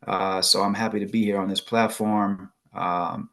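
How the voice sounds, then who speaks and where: A man's voice: fairly low pitch, little pitch movement, normal speed, gravelly, fairly bright tone. A man from Chicago speaking as a guest on a video call, upbeat and earnest about what he believes. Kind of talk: casual talk, motivational.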